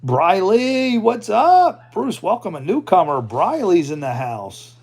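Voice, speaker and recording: Gravelly male livestream host. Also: high voice, sing-song, slow pace, a little mellow. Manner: chatty, talks to viewers and the AI. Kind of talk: casual livestream chat.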